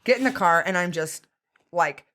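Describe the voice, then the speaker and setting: A woman's voice: fairly low pitch, moderate pace. Profane young woman telling a story. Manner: candid, profane, animated storytelling. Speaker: podcast co-host. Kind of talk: casual chat, storytelling.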